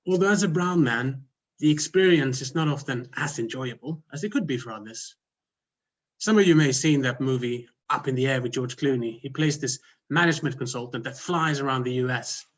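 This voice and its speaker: Self-mocking Swedish-accented man, husky voice. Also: mid-range voice, a little fast. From Sweden. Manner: dry self-mocking humor, plays voices of officials. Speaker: contest speaker. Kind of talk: humorous contest speech.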